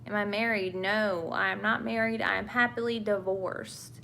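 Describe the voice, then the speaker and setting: There's a little hiss or hum behind this young woman's medium-pitched, gravelly voice, bright and forceful, with fairly even intonation, normal speed, and hardly any pauses. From England but speaking with a Southern US accent, the nurse and vlogger chats with viewers about nursing while applying makeup, answering their questions amid many fillers and restarts.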